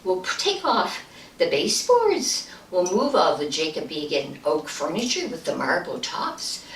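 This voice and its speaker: A woman voicing a bossy older woman giving orders in a brisk, high voice. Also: big pitch swings. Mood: commanding. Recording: roomy and distant, faint room noise.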